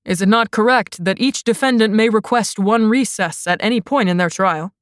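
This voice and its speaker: A woman's voice: mid-range voice, moderate pace, dry recording, studio quality, natural voice. Woman reading a cool formal young man.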